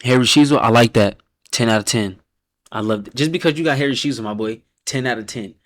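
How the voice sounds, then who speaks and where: A man's voice: quick pace, dry recording, clean studio sound. Blunt, profane man reacting live. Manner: blunt, profane, animated, laughs often, reads names in a low mumble. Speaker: host reacting to viewers' fan-picked football teams. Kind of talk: casual reaction stream.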